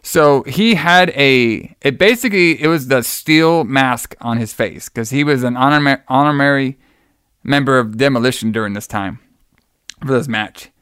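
A man's voice: mid-range voice, normal speed, fairly bright tone, clear, resonant tone, no room sound, clean studio sound. A man hosting a casual podcast chat, enthusiastic, rambling and profane. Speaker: podcast host.

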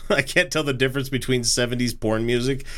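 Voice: mid-range voice, a little fast, a bit bright, slight background noise. A co-host in a casual livestream chat who jokes crudely and swears freely. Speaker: podcast co-host.

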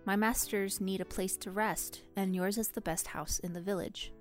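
A woman's voice: mid-range voice, fairly even intonation, normal speed, faint music behind, lightly acted. A woman voicing a courteous royal servant. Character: polite male servant of travelling kings.

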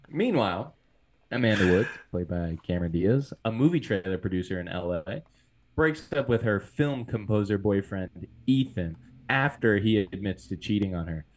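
A man's voice: on the low side, animated, normal speed. A man hosting a casual podcast, recapping a film plot and laughing often. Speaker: podcast host. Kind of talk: casual movie recap chat.

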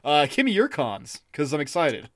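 A man co-hosting a podcast, talking in a casual, profane, animated rant and laughing often. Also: on the high side, normal speed, no room sound, clean studio sound. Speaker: podcast co-host. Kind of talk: casual chat.

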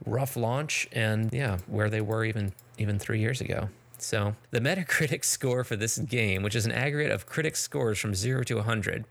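A man hosting a casual group chat, chatty and quick to laugh. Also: lowish voice, gravelly, a bit bright. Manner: chatty, laughs often, loose restarts. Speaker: podcast host.

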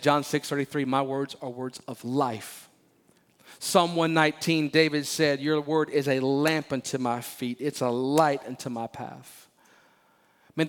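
A man preaching a sermon as pastor of a church, animated and emphatic, often repeating phrases and playfully acting out Bible characters. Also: fairly high pitch. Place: church sanctuary.

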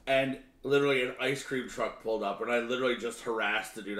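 A man's voice: medium pitch, steady tone, quick pace, few pauses, fairly bright tone, echoey room. A man in casual chat, laid back and swearing freely as he talks.

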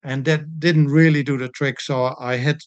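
Older kiwi guy, laid back storyteller, lots of ums, pretty high voice, dead dry sound. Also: moderate pace, no echo, muffled recording. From New Zealand. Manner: relaxed, anecdotal, frequent ums. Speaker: interview guest, sports doctor and coach. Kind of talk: casual storytelling interview.

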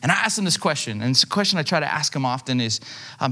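In his sermon, a pastor keeps things conversational, poking fun at himself through stories and using lots of fillers. His voice runs high, animated, quick and sharp.

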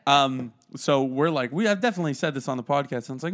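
Podcast co-host, male, mid pitch, rambling storyteller. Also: expressive, quick pace, fairly bright tone. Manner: rambling, full of "like", mimics people in quoted bits. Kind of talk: casual chat, storytelling.

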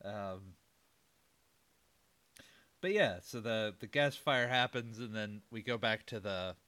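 A man's voice: fairly low pitch, slow pace, pushed and bright, smooth. A man casually recapping a movie with a friend, meandering with fillers and mock-quoting characters. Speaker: podcast co-host.

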